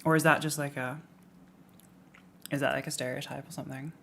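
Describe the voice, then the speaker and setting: Low-voiced British woman chatting casually. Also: steady tone, a little fast, creaky, a little hiss or hum. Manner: rambling, trails off quietly at ends of phrases. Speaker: streamer. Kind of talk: casual live-stream chat.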